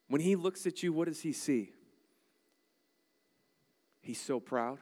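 A man preaching with lots of humor, breaking into mock voices to make his point. His voice is smooth and resonant at an ordinary pitch. The sermon carries a long reverb, as if filling a large church hall. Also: unhurried, pauses often. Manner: animated, joking, acts out voices. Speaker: pastor.

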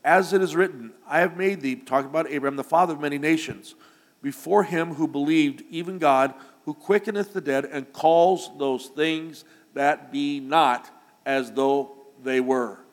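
A man with a somewhat high voice preaches a sermon. He swings between quiet asides and loud, emphatic declarations. His voice rings out with the long reverb of a church sanctuary. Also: moderate pace. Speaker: pastor.

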